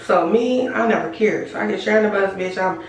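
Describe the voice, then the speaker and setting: A woman telling a storytime to her viewers in a casual, animated, slangy and profane way. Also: medium pitch, brisk, recorded from a distance, slight background noise. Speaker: storytime vlogger. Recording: very echoey room, voice away from mic.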